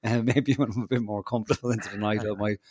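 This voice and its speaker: A man's voice: lowish voice, steady tone, quick pace, a little mellow, no room sound, clean studio sound. An Irish man co-hosting a podcast, ranting with heavy swearing, sarcasm and mockery in casual talk. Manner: profane, heated, sarcastic, mocking. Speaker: podcast co-host. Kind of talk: casual political rant.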